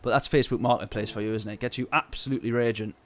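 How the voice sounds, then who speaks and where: A man streaming a racing game, telling a story in a ranting, exasperated way with sudden loud outbursts. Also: medium pitch, fairly even intonation, very fast, a little hiss or hum. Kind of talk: casual live-stream chat.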